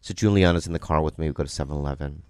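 A man in casual podcast chat, telling a story with lots of energy and acting out other people's voices loudly. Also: rumbling low, very fast, clear, resonant tone, dry recording, clean studio sound.

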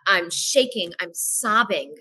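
A woman guest on a podcast, telling a personal story in a frank, animated way and acting out the dialogue. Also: mid-range voice, slightly rough, rough recording. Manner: animated, acts out dialogue in quick voices; frank, swears casually. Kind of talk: candid personal storytelling in a casual podcast chat.

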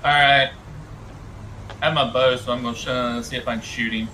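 Guy playing an rpg, bright crisp tone, short to the point. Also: medium pitch, steady tone, moderate pace, slight background noise, rough recording. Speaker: player. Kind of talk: casual tabletop game play.

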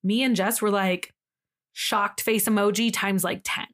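A woman co-hosting a podcast, retelling a story in casual chat, quoting its people with sudden jumps in pitch and cursing freely. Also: steady tone, measured pace, a bit bright. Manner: reads a story aloud and quotes its people with sudden high jumps; swears freely and laughs between lines. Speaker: podcast co-host.

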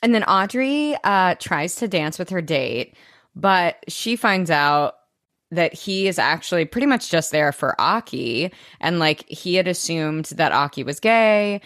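A woman with a notably low voice recaps a TV episode in casual podcast chat. She talks loosely, full of fillers and restarts. The sound is dry and close to the microphone. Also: animated, unhurried, fairly bright tone, no room sound. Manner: chatty, many fillers and restarts. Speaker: podcast co-host.

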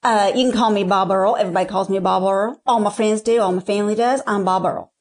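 A woman's voice: medium pitch, fairly even intonation, quick pace, lightly acted. A woman putting on a flamboyant, kooky male waiter with a Southern accent who keeps repeating himself. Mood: chatty.

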